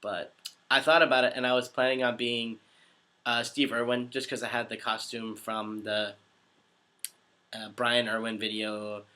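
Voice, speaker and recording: A man in his twenties chatting casually on a livestream, answering viewer comments in an upbeat, easily excited way. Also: mid-range voice, measured pace. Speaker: voice actor hosting a livestream.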